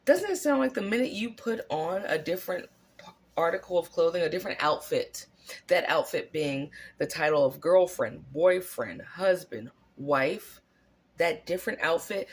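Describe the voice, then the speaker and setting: A host delivering an animated, profane storytelling commentary, full of rhetorical questions. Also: medium pitch, normal speed, husky. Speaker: channel host.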